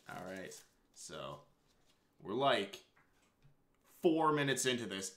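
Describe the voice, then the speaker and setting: A young man streaming a visual novel game, reading it aloud with excitable asides, laughter and swearing. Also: medium pitch, a little hiss or hum. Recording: roomy echo.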